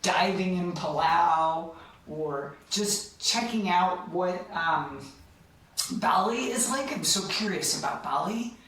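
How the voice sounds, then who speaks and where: A woman's voice: fairly low pitch, lively intonation, slow, a bit bright, a little hiss or hum. Enthusiastic woman, echoey and distant. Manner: enthusiastic, laughs often, trails off mid-sentence. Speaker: podcast guest. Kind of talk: casual chat.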